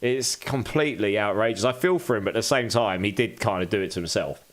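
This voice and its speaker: A man's voice: on the low side, fast talker. A man chatting casually on a live game stream, thanking viewers and speaking candidly.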